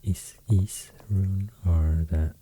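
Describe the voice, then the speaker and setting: A man with a Swedish accent giving a soft-spoken ASMR talk, half-whispering and pausing often with fillers. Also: deep voice, fairly even intonation, slight background noise. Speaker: ASMR host explaining runes.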